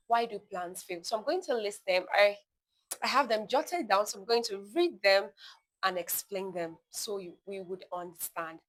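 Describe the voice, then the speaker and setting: A woman hosts a motivational podcast in a bright, clear voice. She drives her points home through repetition and throws in lively asides to her listeners. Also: mid-range voice, rough recording. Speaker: podcast host.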